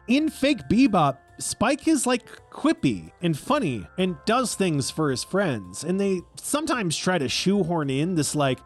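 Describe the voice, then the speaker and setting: A young man giving opinionated commentary as a video essay host. He is animated, profane and sarcastic, and acts out quotes. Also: high-pitched, unhurried, few pauses, soft background music.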